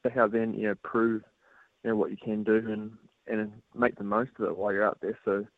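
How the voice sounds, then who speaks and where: A man's voice: lowish voice, a little fast, no echo. A man with a New Zealand accent, calling in as a guest to a radio show, chatting in an easygoing way with lots of fillers. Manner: relaxed, laughing, easygoing with filler words. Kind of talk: casual radio interview. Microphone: phone call. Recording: tinny phone line.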